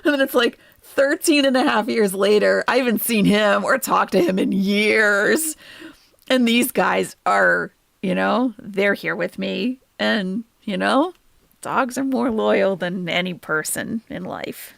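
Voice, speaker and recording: A woman with a fry-edged voice talks loosely to her livestream audience, shifting between soft-spoken comments and blunt, profane remarks. She sounds close to a desk mic in a dry, deadened room. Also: mid-range voice, slow pace, no echo. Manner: chatty, swings from soft sympathy to blunt profane ranting. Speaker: reaction livestream host.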